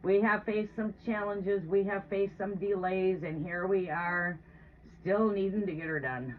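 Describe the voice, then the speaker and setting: Moving about her home during a casual live tarot stream, this woman chats to her viewers in a steady, unhurried, mid-range voice. The sound is distant and phone-like, carrying a little faint noise.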